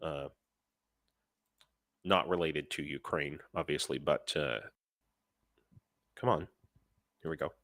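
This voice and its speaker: A man's voice: extremely low pitch, steady tone, takes it slowly, long pauses, fairly bright tone, dry recording, studio quality. Chatty man hosting a live stream. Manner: rambling, restarts sentences, answers viewers' chat by name. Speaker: teacher. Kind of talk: casual live-stream talk.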